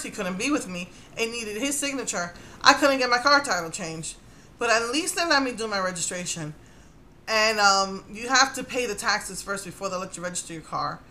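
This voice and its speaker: A woman in her thirties telling a chatty story in a casual vlog, animated and laughing often. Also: mid-range voice, slight background noise. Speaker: vlogger.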